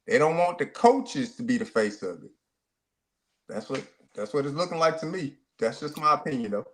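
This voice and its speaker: A man's voice: medium pitch, sing-song, moderate pace, a bit bright, a little hiss or hum. A man co-hosting a sports talk show, speaking emphatically and often repeating and restarting his words.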